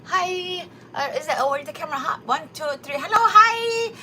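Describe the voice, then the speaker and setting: A woman's voice: very high voice, animated, moderate pace, sharp tone, slight background noise, voice pushed up, full character voice. A woman putting on a jittery, starstruck young woman greeting a camera, breathless and near tears. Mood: giddy nervous.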